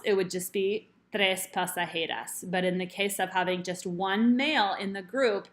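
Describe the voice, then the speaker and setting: A woman teaching a recorded Spanish grammar lesson, explaining rules slowly and spelling out examples letter by letter. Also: medium pitch.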